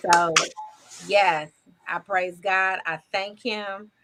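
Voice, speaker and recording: A woman's voice: mid-range voice, steady tone, very slow, heavy background noise. A woman in her fifties co-hosting a faith talk show, sharing her testimony and encouraging listeners. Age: 50s. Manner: warm testimony, preachy encouragement. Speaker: co-host. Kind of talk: faith-based casual talk.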